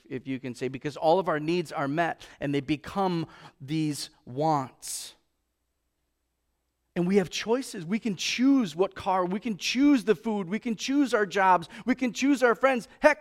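A man with a fairly high voice preaches a sermon to a church congregation. He speaks conversationally and keeps asking the room questions. He slows right down when he quotes scripture. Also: lively intonation. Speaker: pastor.

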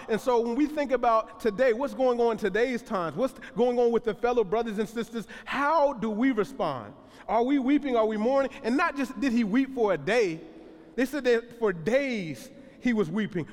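A man preaching a sermon in a conversational way, repeating phrases and putting questions to the congregation. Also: sits high. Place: church sanctuary. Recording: long church reverb.

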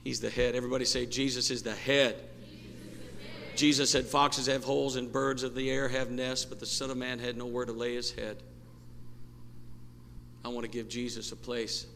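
A man preaching a sermon as pastor, impassioned and rising to shouts, in a church sanctuary. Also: mid-range voice, gravelly. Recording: long church hall reverb, faint noise.

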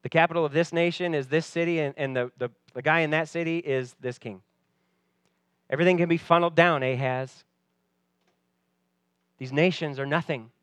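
Dry-sounding expressive male preacher. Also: fairly high pitch, moderate pace, long pauses, clean tone, dry recording. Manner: expressive, drops to soft voice for quoted lines. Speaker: pastor. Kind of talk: sermon.

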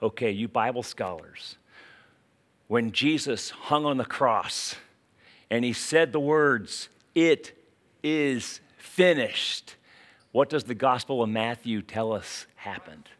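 A man with a West Virginia accent preaching a sermon, dropping to quiet asides and then rising to urgent, emphatic calls. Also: mid-range voice, a little slow. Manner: dramatic swings from hushed asides to urgent exclamations. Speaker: pastor.

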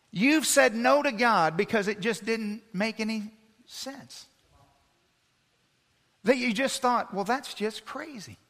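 Bright-voiced man preaching a sermon. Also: very high-pitched. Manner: animated storytelling, sarcastic asides. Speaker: pastor. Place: church sanctuary. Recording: long church-hall reverb.

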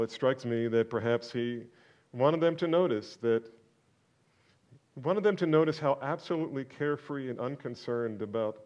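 A man preaching a sermon, swinging from loud, exclaiming questions to hushed, almost whispered lines. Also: medium pitch, highs cut off. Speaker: pastor.

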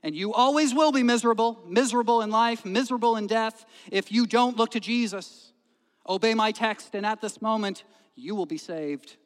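A pastor voicing a fervent lay preacher. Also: male voice, high voice, normal speed, pitched above the performer's own voice, lightly acted. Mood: exhorting. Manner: repetitive, pleading, rising to shouts. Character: fervent plain-spoken male lay preacher, shouting. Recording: long hall reverb.

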